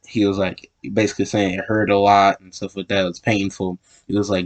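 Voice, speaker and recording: A man with a fairly low voice tells a story in a loose, casual way. He wanders through the telling, restarting and correcting himself as he goes. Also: little pitch movement, brisk. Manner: rambling, self-correcting retelling.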